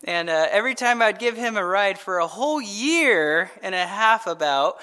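Male pastor with a high voice, easygoing midweek sermon, keeps checking in with the room. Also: expressive, normal speed, pushed and bright, clean tone. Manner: conversational, asks the audience rhetorical questions; chuckles while telling stories. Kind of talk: midweek Bible-study sermon.

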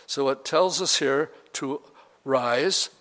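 Pastor guy preaching a sermon, middle pitch, reading bible verses with building emphasis, echoey hall. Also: slow pace, a bit bright. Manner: reads scripture aloud with rising emphasis.

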